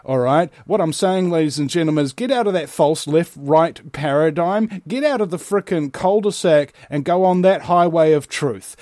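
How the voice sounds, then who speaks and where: A man hosting a talk show, ranting in an animated way and swearing often. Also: fairly high pitch, normal speed, hardly any pauses, no echo, studio quality.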